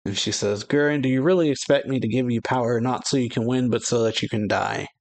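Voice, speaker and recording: A man's voice: mid-range voice, fast, darkish tone. A man reads manga dialogue aloud for his reaction channel, and his voice sits in the middle range. He jumps up a little for the characters' lines and laughs between them, in a loose, casual way.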